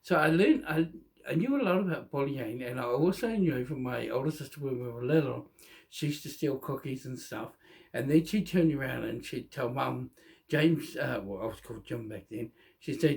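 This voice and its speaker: A middle-aged man telling his own life story in a candid, halting way, often restarting his sentences. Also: a little high, animated, vocal fry, darkish tone. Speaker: vlogger. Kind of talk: personal storytelling monologue.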